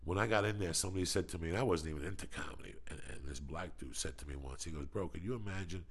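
A male podcast host with a deep voice and a gravelly edge. He tells stories bluntly and swears freely, in a loose conversational tone. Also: rapid-fire. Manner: blunt, profane storytelling. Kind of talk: casual chat.

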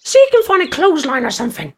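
Lady doing a bossy captain, really high voice, lively. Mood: commanding. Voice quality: brisk, commanding. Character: bossy female ship captain. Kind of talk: amateur audio drama acting.

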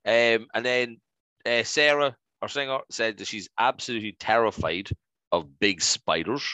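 A man's voice: mid-range voice, normal speed, sharp tone, no room sound. A man, co-hosting a podcast, running through listener replies in upbeat casual chat. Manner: upbeat, reads listener replies, fond of "right?". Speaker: podcast co-host.

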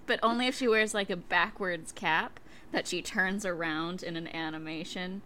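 Low-ish bright voice, american woman, chill wry podcast chat. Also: normal speed, slight background noise. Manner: laid-back, wry, laughs a lot. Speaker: podcast co-host and teacher. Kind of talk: casual chat.

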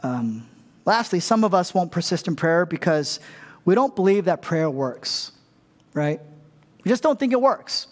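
A middle-aged male pastor with a notably high voice for a man, preaching in a loose, chatty way. He keeps it light and funny and keeps turning to the crowd for agreement. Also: big pitch swings, measured pace, long reverb tail. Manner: casual and humorous, often asks the crowd "right?". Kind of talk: conversational sermon.

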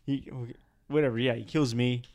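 A man's voice: medium pitch, fairly even intonation, moderate pace, a little mellow. A man in a casual chat, playfully telling a made-up story, laughing, with frequent restarts.

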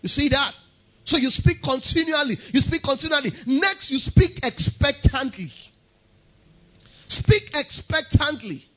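A man's voice: extremely high pitch, expressive, measured pace, lo-fi sound. A man preaching a sermon, emphatic and driving his points home by repeating key phrases.

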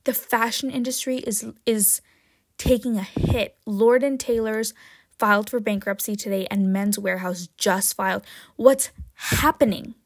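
Chatty, excitable woman podcaster. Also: unhurried, no room sound, clean studio sound. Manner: chatty and jokey, with frequent "right?" and "um"; excitable, with sudden jumps in pitch and loudness. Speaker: podcast host. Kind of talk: casual solo podcast chat.

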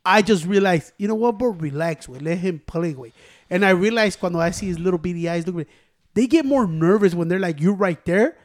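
A man's voice: high-pitched, fairly quick. A man in casual chat, swearing freely and mixing Spanish into his English. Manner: profane, mixes Spanish and English.

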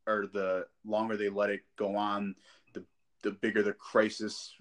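A man with a somewhat low voice talks loosely on a podcast with friends. He rambles, stumbles and restarts his sentences as he goes. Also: monotone, unhurried. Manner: rambling, restarts, laughs easily. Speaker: podcast co-host. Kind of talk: casual chat.

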